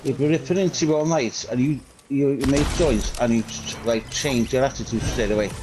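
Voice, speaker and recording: A man's voice: medium pitch, moderate pace, background noise. A man with a Welsh accent, swearing and teasing his friends in casual chat while gaming. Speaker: gamer in party chat.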